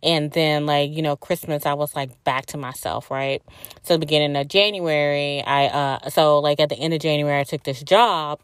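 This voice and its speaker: A woman's voice: low-pitched, fairly even intonation, normal speed, smooth, dry recording. A tired woman hosting a podcast, talking casually and frankly about her spiritual journey, swearing freely and saying "like" a lot. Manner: frank and profane, storytelling with many "like"s. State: tired and drained. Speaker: podcast host.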